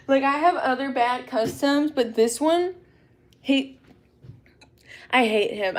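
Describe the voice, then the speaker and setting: A woman hosting a casual live Q&A, rambling and chatty and quick to laugh. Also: high-pitched. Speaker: livestream host.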